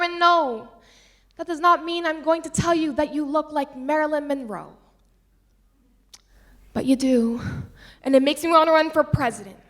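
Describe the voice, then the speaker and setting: A woman performing a spoken word love poem, with an impassioned, rhythmic delivery that swings between loud and soft. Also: extremely high pitch.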